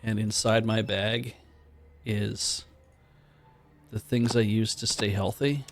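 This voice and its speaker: A man streaming a modded game, reading the game text aloud in casual commentary and breaking into loud, surprised swearing. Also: on the low side, little pitch movement, takes it slowly.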